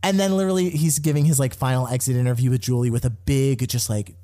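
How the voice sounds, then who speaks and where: A man's voice: medium pitch, fast talker. Chatty man recapping gossip. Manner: animated, gossipy storytelling. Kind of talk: casual chat recapping a reality show.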